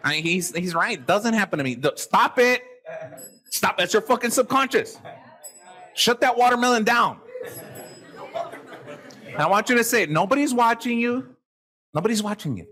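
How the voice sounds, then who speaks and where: Male motivational speaker, high voice, lively swings in pitch, blunt and foul-mouthed, live crowd in a hall. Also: moderate pace, long pauses. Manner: profane, blunt, animated. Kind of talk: live seminar talk to an audience. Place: seminar hall with a live audience. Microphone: handheld microphone.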